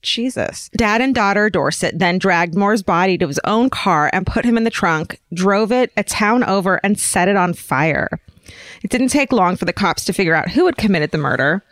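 A woman co-hosting a podcast, reading a listener's letter aloud with animated storytelling. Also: medium pitch, moderate pace, no echo. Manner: animated storytelling, lively delivery. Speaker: podcast co-host.

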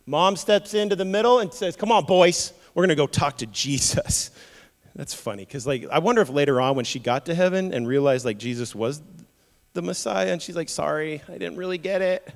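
High-voiced man preaching in a reverberant hall. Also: lively intonation, fairly quick. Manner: casual, playful, acts out voices of Bible figures. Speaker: pastor. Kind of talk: sermon.

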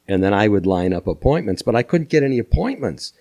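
An older man from Minnesota, a podcast guest telling animated anecdotes with chuckles. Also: lowish voice, fast talker. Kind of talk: storytelling interview.

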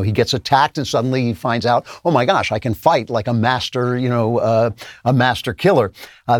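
A man's voice: medium pitch, no room sound. A man hosting a solo commentary show, talking conversationally with frequent "uh" fillers on a close mic. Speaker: podcast host.

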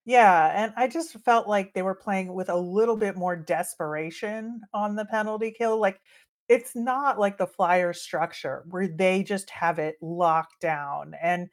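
A woman's voice: mid-range voice, unhurried. A young adult woman co-hosting a hockey podcast, chatting casually and upbeat with many fillers. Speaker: podcast co-host.

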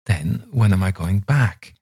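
A man's voice: sits low, lively intonation, measured pace, warm tone, breathy edge, no echo, clean studio sound, exaggerated voice. A man reading a story aloud voices a precocious, sweetly teasing young boy in a raised, coaxing voice.

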